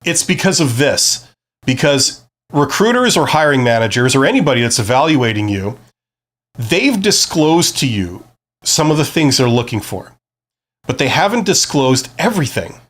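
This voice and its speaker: A man talks through career advice on a live stream, explaining step by step. His pitch moves a lot, and he keeps checking in with his listeners. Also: big pitch swings, moderate pace, a bit bright. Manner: conversational, explanatory, frequent "right?" check-ins.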